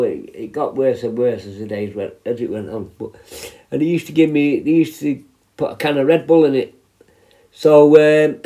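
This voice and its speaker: Man in his fifties, prison healthcare worker, rambling casual storyteller, mellow low tone, swears a lot. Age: 50s. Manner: rambling and sweary, with many restarts.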